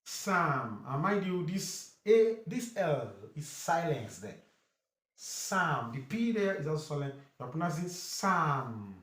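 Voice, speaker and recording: A man's voice: a little high, very animated. A man teaching English vowel sounds, saying each word over and over with short explanations in between. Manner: repeats words slowly, drilling pronunciation. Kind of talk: phonics lesson. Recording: echoey room.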